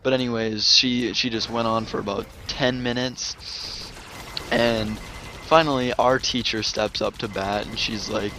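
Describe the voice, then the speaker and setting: A man's voice: medium pitch, fairly even intonation, a little slow, bright, forceful tone, a little hiss or hum. Rambling man telling a story. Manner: rambling, lots of "like" fillers and restarts. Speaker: gaming vlogger. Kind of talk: casual storytime vlog.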